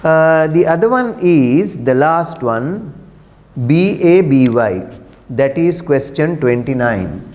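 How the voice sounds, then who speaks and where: A male teacher works through an exam lesson. His voice is fairly high, his pace very slow, and he often repeats words. The recording is muffled, with a long, hollow reverb around it. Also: big pitch swings, a little mellow. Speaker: English teacher. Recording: dull lo-fi sound with long reverb.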